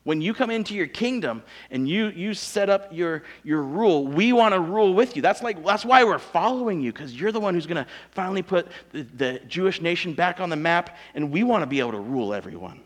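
Blunt, sarcastic young disciples hungry for power, as a preacher voices them, lively and offhand in delivery. The sound rings out in a long hall reverb. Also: male voice, high-pitched, brisk, hardly any pauses.

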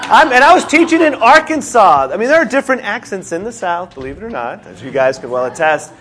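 A man leading a classroom discussion as the instructor, telling stories with animated laughter. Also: high voice, fast, few pauses, noisy background. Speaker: seminar instructor. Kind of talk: teacher leading a group discussion.

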